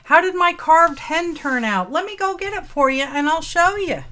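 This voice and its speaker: A woman's voice: very high voice, lively intonation, normal speed, sharp tone. A woman hosting a casual craft live stream, greeting chat viewers with affectionate pet names and folksy, old-fashioned exclamations.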